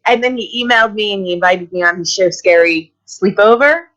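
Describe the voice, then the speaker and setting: A woman's voice: mid-range voice, brisk. Gushing woman in her fifties, muffled audio. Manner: excited, gushing storyteller. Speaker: actress guest. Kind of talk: casual interview chat.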